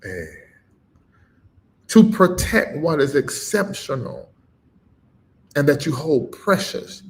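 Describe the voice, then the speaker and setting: A man's voice: sing-song, slow pace, long pauses, slight background noise. Emphatic preaching man. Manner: emphatic, swings between loud punches and low murmurs; repeats phrases with a rising preacher cadence. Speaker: preacher and livestream host. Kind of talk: preaching on a live stream.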